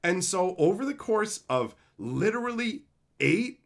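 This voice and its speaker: A man's voice: high-pitched, measured pace, vocal fry. A man who runs a YouTube channel, telling a long profane story in a casual rant and acting out the insults he once typed. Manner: profane, animated, acts out quoted insults.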